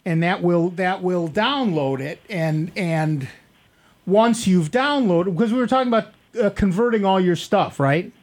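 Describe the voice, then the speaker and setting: Chatty high-voiced radio tech host. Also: male voice, animated, unhurried. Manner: chatty, rambling, explains step by step. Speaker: radio computer show host. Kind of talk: call-in radio tech advice. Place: radio studio. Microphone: studio microphone.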